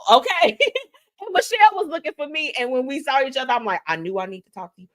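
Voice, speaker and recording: This woman hosts a weekly livestream talk show and is wrapping it up casually, gushing heartfelt thanks to guests and viewers. She talks at a racing pace in a high voice with big swings in pitch.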